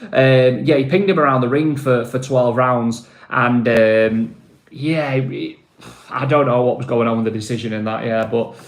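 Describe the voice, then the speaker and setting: A man's voice: medium pitch, fairly even intonation, unhurried, echoey room. Chatty northern English man on a phone stream. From northern England. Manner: chatty, rambling, reads viewer names aloud. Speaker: livestream host. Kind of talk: casual live-stream chat reading comments.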